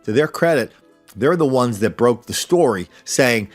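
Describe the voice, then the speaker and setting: A man's voice: medium pitch, lively intonation, a little slow, faint music behind. An older man hosting a podcast, delivering a sarcastic commentary monologue and slipping into mocking impressions. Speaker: podcast host.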